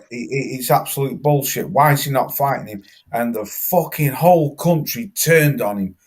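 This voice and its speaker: A man hosting a live boxing talk stream, emphatic and swearing, repeating words for stress. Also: medium pitch. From Britain. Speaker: host.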